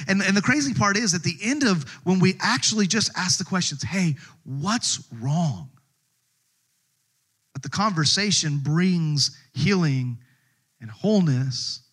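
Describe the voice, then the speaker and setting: A middle-aged male pastor preaching with a fairly high, bright-sounding voice. He tells his stories in an animated way and laughs often along the way. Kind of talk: sermon.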